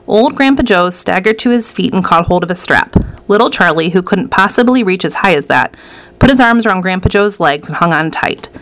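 A woman reading a children's storybook aloud in a lively, expressive way. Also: mid-range voice, brisk. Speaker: narrator.

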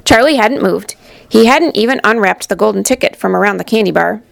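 A woman reading a children's storybook aloud in a gentle, expressive way, with a slightly gravelly voice. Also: mid-range voice, a little fast, no echo. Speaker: narrator.

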